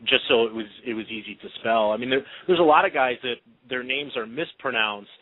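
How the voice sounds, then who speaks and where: A man's voice: mid-range voice, a little fast, dry recording. A man co-hosting a casual hockey radio chat, rambling and hesitant with many fillers. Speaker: blog podcast co-host. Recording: tinny phone line.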